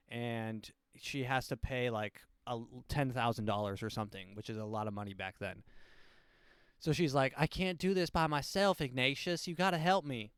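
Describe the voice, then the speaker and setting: A man's voice: medium pitch, a bit bright, clean tone, no echo, clean studio sound. A man hosting a podcast, rambling through a casual book review and breaking into silly voices for quotes. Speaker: podcast host.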